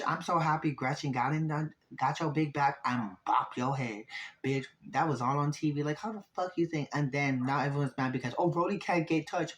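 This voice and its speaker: A man, recapping a reality TV episode in casual, profane talk, full of quick asides. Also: on the high side, low-quality recording. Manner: profane, animated, fast asides, mimics cast members.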